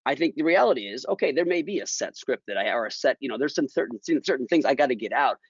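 A man's voice: mid-range voice, animated, fast talker, husky, no room sound, dull audio. A man as a podcast guest, speaking thoughtfully and emphatically with many restarts. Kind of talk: casual conversational interview.

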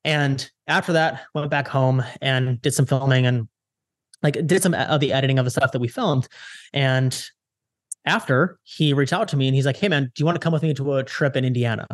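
A young man from the Chicago area, a social media strategist, telling a story casually in an interview with lots of quick retellings and restarts. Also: medium pitch, dry recording, clean studio sound. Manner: animated, lots of "I'm like" retellings, fast restarts.

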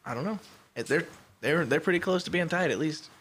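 A man in casual podcast chat, cursing often and rambling as he gets excited. His voice is bright and forceful and a touch high, with a faint hiss underneath. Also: brisk. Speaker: podcast co-host.

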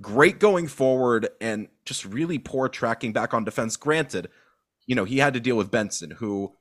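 A man's voice: medium pitch, moderate pace. Chatty man hosting a football podcast. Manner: animated, loose, many fillers. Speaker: podcast co-host. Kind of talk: casual football podcast chat.

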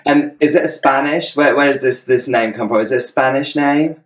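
A man's voice: mid-range voice, normal speed. A British man hosting a casual podcast interview, bubbly and effusive, often restarting his sentences. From United Kingdom. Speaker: podcast host.

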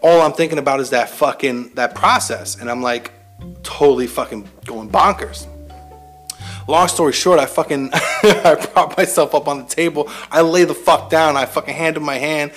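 A man's voice: a little high, moderate pace, fairly bright tone, soft background music. A man telling a personal story in a casual, heavily profane, self-mocking monologue to his listeners. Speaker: military veteran host.

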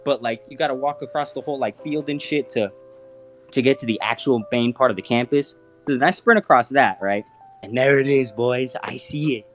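Over faint background music, a twentysomething podcast host tells an animated story full of swearing, voicing each character himself. His voice is mid-range and fairly quick.

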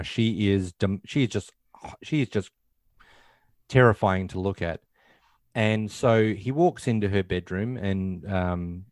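Male co-host, low register, casual rambling recap, dry close sound. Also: darkish tone, no echo. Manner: rambling, acts out quotes in passing. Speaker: podcast host. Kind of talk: casual film recap chat.

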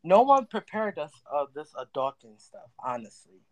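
Emphatic woman guest, slangy and animated. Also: low voice, normal speed, dull audio. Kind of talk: casual podcast chat.

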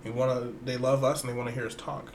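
A man's voice: medium pitch, flat delivery, fast, a little hiss or hum. A man co-hosting a podcast in casual chat, joking, laughing often and reading listener emails aloud. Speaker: podcast co-host.

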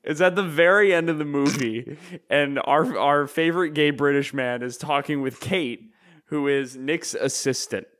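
A man's voice: a little high, measured pace, fairly bright tone. A man co-hosting a podcast, rambling casually as he retells movie scenes with plenty of fillers. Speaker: podcast co-host. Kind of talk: casual chat.

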